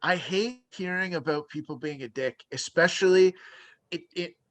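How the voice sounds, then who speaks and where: Chatty comedian guest, a bit high-pitched. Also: male voice, fairly bright tone, no room sound. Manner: chatty, quick reactions, laughs along. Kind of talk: casual podcast chat.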